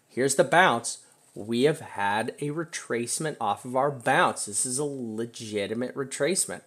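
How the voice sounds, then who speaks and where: A man giving casual, emphatic commentary on market charts, often checking in with "right?" and venting frustration now and then. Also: mid-range voice. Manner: chatty, emphatic, keeps asking "right?"; frustrated outbursts. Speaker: crypto chart analyst. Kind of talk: screen-share market commentary.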